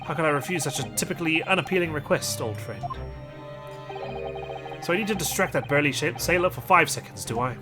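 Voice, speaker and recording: A man's voice: on the high side, animated, fairly quick, lightly acted. Guy doing a weary polite young student, dry replies, music behind. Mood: wry. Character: polite young male law student, exasperated.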